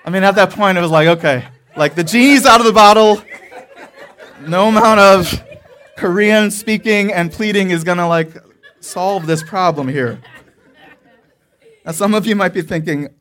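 A man's voice: high voice, normal speed, long pauses, fairly bright tone. A man preaching a sermon, telling a personal story with laughing asides and frequent restarts. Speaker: pastor.

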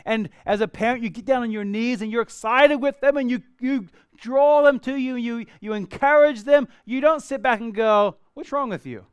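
A pastor, a man in his thirties, preaching a sermon with animated swings between loud exclamations and soft, hushed asides. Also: extremely high pitch, normal speed, smooth, no echo, clean studio sound.

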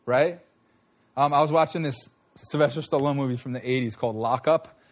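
A man's voice: mid-range voice, brisk. A man preaching a sermon in a conversational way, often checking in with his listeners. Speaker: pastor.

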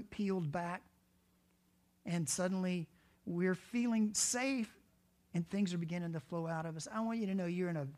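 A pastor preaching a sermon, earnest and conversational, often asking the congregation direct questions. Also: male voice, high-pitched.

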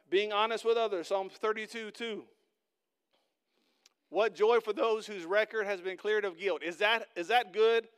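A middle-aged man preaching a sermon as pastor, conversational and earnest, building to loud emphatic peaks. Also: high voice, clear, resonant tone.

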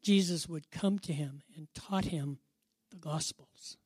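A middle-aged male preacher with a fairly high voice delivers a sermon as easy storytelling. He keeps turning to his listeners with questions and chuckles at his own anecdotes. The sound is dry and close, with no room echo. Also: measured pace, a little mellow, slightly rough. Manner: conversational, questions the audience, chuckles at own stories.

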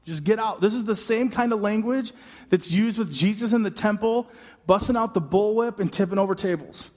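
A man voicing a forceful, commanding male teacher in a sermon retelling, insistent and impatient. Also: high voice, normal speed. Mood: angry. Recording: long hall reverb.

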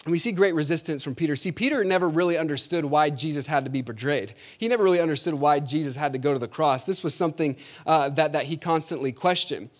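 A man preaching a sermon, swinging between loud emphatic declarations and quieter storytelling, slowing down to stress key phrases and calling out to the congregation. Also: a little high.

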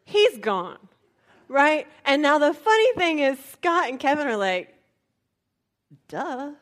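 A woman pastor giving a sermon, telling a personal story in an animated, playful way. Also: sits high, a little slow.

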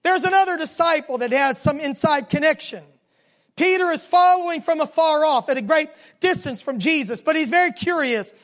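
Southern-accented preacher with a high voice. Storytelling sermon, dramatic, slow and low on the key lines. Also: fairly bright tone. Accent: Southern American. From Southern United States. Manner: dramatic storytelling, slowing down and dropping low for emphasis.

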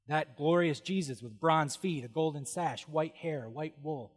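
A middle-aged male pastor preaching with lively humor and frequent exclamations of awe. His voice sits a little higher than most men's and rings with the long reverb of a big hall. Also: normal speed. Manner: animated, humorous, exclaims "whoa". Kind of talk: sermon.

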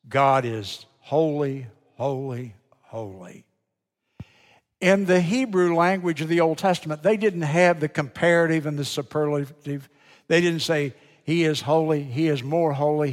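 A man with a Southern American accent preaching a sermon as pastor, swinging between loud emphasis and hushed lines. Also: a little high. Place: church sanctuary. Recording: church hall with long reverb.

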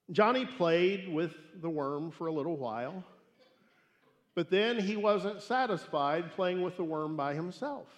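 A man preaching a sermon and telling a story, emphatic and swinging between loud declarations and hushed asides. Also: a little high, a little slow. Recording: echoey hall reverb.

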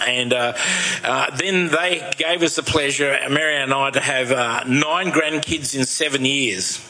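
A man in his sixties giving a sermon, telling personal stories in a conversational, self-deprecating way and dropping soft and slow when he turns reflective. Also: medium pitch, rough recording. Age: 60s. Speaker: preacher.

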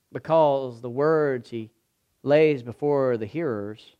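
A man preaching a sermon as pastor, moving from hushed, slow passages to loud, emphatic ones. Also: medium pitch, highs cut off.

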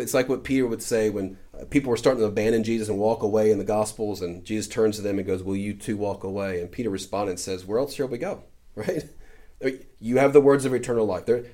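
Male pastor, low and mellow, with a chatty sermon delivery and frequent "right?" tags.

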